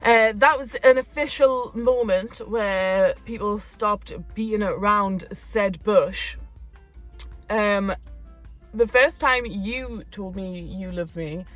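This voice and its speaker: A young woman, telling a story in a casual chat, animated and quick to laugh. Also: mid-range voice, soft background music. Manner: animated, laughing, acts out quotes. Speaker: co-host of a couple's channel.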